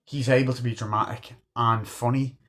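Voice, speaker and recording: A male movie reviewer talking casually at a mid-range pitch. He is enthusiastic and swears constantly, acting out scenes as he goes. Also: steady tone, normal speed, fairly bright tone.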